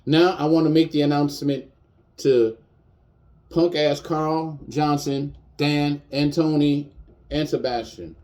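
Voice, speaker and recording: A man's voice: a little high, fairly even intonation, slow pace, a little mellow. A man in his fifties, a chef, speaking bluntly and defiantly in a personal video rant, repeating his points for emphasis. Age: 50s.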